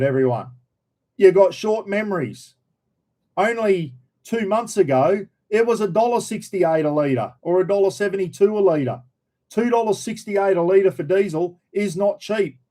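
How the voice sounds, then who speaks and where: Blunt Australian man, mellow voice. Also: sits high, animated, moderate pace, poor audio. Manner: blunt, opinionated, slangy. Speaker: livestream host. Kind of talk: casual chat reading viewer comments.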